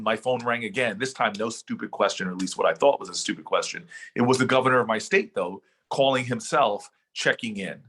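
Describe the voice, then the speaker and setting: A middle-aged man, a senator, giving an oratorical motivational speech that slows for emphasis and then speeds up. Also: medium pitch, a bit bright, husky. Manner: oratorical, shifts between slow emphatic phrases and quick runs. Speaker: senator and keynote speaker.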